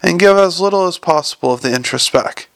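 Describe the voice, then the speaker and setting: A man's voice: a little high, fast, gravelly, fairly bright tone, smooth, no room sound. A man reading an audiobook, voicing a wry, hesitant young man in plain speech close to his own voice.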